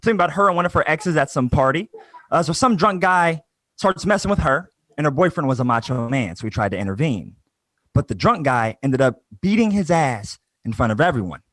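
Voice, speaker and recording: High, lively young comedian on a video call. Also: male voice, a little fast, no room sound. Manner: self-mocking, punchy delivery. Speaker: stand-up comedian. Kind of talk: stand-up set. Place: home, over video call.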